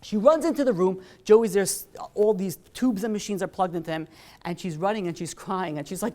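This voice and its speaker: Male rabbi, lively sermon storyteller, acts out the dialogue. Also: high voice, brisk. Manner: animated, acts out dialogue, many fillers.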